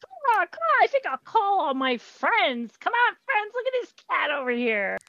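A bold, taunting crow, cawing in a very high, lively voice. The audio is dull and lo-fi, dry with no room sound. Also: female voice, unhurried, dry recording, exaggerated voice.

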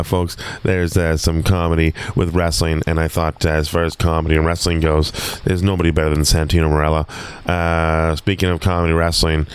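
Deep-voiced man hosting a podcast. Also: clear, resonant tone. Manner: rambling, many fillers and restarts. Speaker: podcast host. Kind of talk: casual chat.

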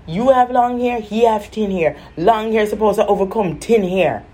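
A woman's voice: mid-range voice, moderate pace, warm tone, slightly rough, voice pushed up, close to an everyday voice. A woman imitating her older mother, a blunt, insistent Caribbean mom.

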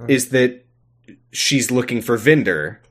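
A man's voice: mid-range voice, expressive, slow, fairly bright tone. Man recapping a show, casual and wry. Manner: recaps plot while acting out characters' lines. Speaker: podcast co-host. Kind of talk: casual episode recap chat.

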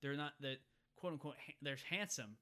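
A man chatting casually about a movie, retelling scenes with quick, loose phrasing. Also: a little high. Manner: animated retelling with acted-out quotes.

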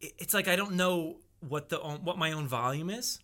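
Young man, podcast co-host, bright, a bit high, playful, teasing, laughs often. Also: moderate pace. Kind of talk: casual chat.

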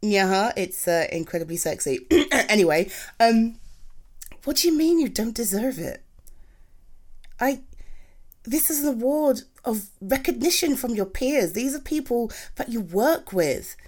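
A woman performing a romantic comfort audio roleplay, gushing and reassuring as she speaks to an unseen partner. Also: on the high side. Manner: slow, lively, swooping speech.

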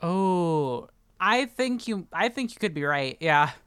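Woman, podcast co-host, lowish smooth voice, dry close sound, chatty. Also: lively intonation, slow pace, a bit bright, dry recording. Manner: enthusiastic, chatty, swears, trails off and restarts. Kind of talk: casual book discussion podcast.

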